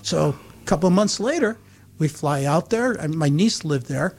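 Older upstate New York man telling a lively story. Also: on the high side, normal speed. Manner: animated, acts out voices in his anecdotes. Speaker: radio host telling a story. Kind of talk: casual storytelling chat.

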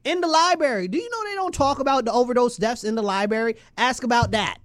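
A man's voice: very high-pitched, lively intonation, fast talker, fairly bright tone. A man from New York State delivering an agitated political rant, emphatic and repetitive with many rhetorical questions. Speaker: local political commentator.

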